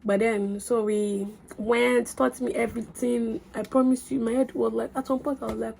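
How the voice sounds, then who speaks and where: A young woman vlogging in a bubbly, animated storytelling voice. Her tone is slightly husky and sits a little high. She chats away excitedly to her viewers. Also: moderate pace, hardly any pauses. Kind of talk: casual storytelling vlog.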